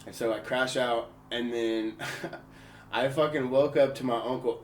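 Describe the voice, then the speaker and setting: A young man hosting a podcast, telling a story in casual chat, animated and swearing a lot, with his voice leaping up high for quoted people. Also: a little slow, reverberant, recorded from a distance. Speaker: podcast host. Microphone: portable recorder.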